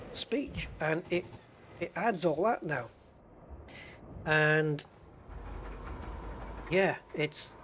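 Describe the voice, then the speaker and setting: A man's voice: fairly high pitch, slight background noise. A man chatting casually to his viewers while playing a game, rambling from topic to topic. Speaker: gaming streamer. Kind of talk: casual livestream chat while gaming.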